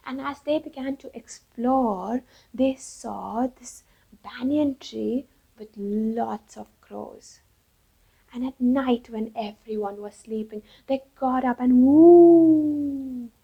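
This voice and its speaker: A woman tells a children's fable expressively, adding sound effects. Her voice is slow, husky and dark. The recording is dull and lo-fi. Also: a little high. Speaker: storyteller. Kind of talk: children's storytelling.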